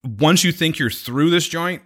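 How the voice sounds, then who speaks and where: A man's voice: fairly high pitch, unhurried, a bit bright. A young man co-hosting a casual podcast, telling a rambling story with laughs and profanity. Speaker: podcast co-host. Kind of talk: casual chat.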